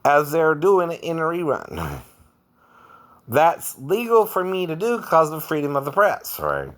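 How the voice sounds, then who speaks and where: A man's voice: a little high, wildly swooping pitch, unhurried. A man who works as an impersonator talks casually to his viewers, keeps adding "right?" and chuckles often. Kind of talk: casual vlog monologue.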